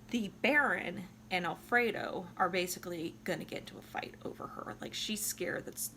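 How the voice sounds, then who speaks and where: A woman's voice: lowish voice, fairly bright tone, a little hiss or hum. A tipsy woman casually retelling an opera plot in a loose, profane way, full of "like". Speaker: opera reviewer.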